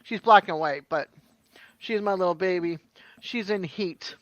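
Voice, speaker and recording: A woman's voice: on the low side, a little slow, fairly bright tone, no room sound. A woman chatting as a guest on a live stream over a video call, rambling with lots of ums. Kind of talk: casual chat. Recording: dull lo-fi stream audio.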